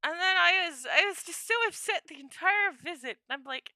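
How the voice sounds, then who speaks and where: A high, very bright young woman's voice that leaps all over its range. She rambles chattily on her home stream, laughing often and acting out her own quotes. The sound is dry and close. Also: expressive, brisk, no echo. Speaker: livestreamer. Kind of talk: casual livestream chat. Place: home room.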